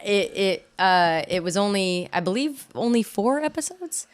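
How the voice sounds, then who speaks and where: A woman's voice: mid-range voice, lively intonation, a little slow, smooth. A woman co-hosting a podcast in casual chat, chatty and giggly, rambling with fillers. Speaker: podcast co-host; voice-over artist.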